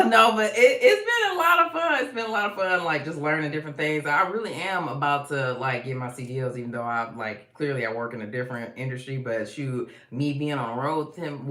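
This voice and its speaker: Low-voiced chatty woman, roomy echo. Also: fairly quick, few pauses, a bit bright. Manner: chatty, slangy, sings greetings to viewers. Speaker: live-stream host reading viewer comments. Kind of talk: casual live-stream chat. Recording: roomy echo with faint noise.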